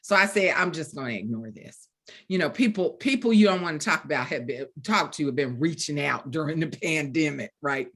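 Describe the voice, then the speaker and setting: A woman in her fifties from the Deep South, telling a story as an author guest, acting out the dialogue and laughing often. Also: fairly quick, few pauses, a bit bright, slightly rough. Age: 50s. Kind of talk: storytelling in a virtual book event chat.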